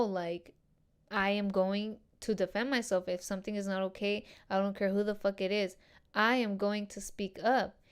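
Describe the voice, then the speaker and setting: A young woman talking straight into her podcast mic with a smooth, clear voice. She is casual and slangy, swears freely and keeps the talk animated, at a middle pitch. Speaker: podcast host. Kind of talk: casual solo podcast monologue.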